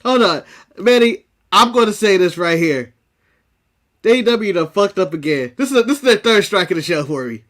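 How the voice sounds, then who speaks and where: High, lively, bright-voiced American man. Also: moderate pace. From United States. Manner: animated, joking and opinionated, laughs often. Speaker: co-host of a wrestling podcast. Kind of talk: casual chat.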